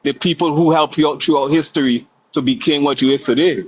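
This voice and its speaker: A man calls in over a dull, muffled line, his voice sitting a little high. He defends himself and keeps insisting even as he is talked over. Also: fairly quick, husky. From U.S. Virgin Islands. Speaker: caller.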